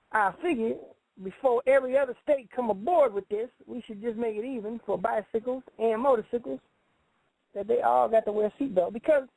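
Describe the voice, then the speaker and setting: Comic radio host, male: high and raspy, brags and rambles in broken grammar, dry studio sound. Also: darkish tone, no echo, rough recording. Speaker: call-in show host. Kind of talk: comedic call-in radio monologue.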